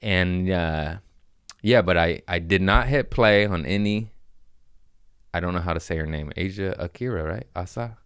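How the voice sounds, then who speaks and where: A deep-voiced man in his thirties hosts a casual podcast, hopping from one topic to the next and acting out bits of dialogue. His low voice sits close to a dry mic with no room sound around it. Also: normal speed, a bit bright, clean tone, dry recording. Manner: jumps between topics, acts out voices. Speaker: podcast host, comedian. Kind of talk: casual rambling chat.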